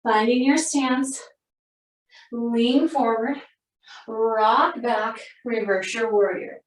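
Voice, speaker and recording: A woman teaching a guided yoga class, cueing poses calmly and steadily, a little out of breath at times. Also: fairly high pitch, very slow. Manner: calm, steady cueing, breathing between phrases. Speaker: yoga instructor. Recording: roomy sound, mic at a distance.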